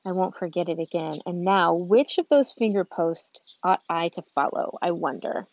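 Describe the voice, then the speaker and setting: A woman's voice: lowish voice, moderate pace, vocal fry, a little mellow, no echo, muffled recording. A woman voicing a curious little girl who rambles thoughtfully to herself, a bit timid. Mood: musing. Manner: musing, thoughtful, slightly timid.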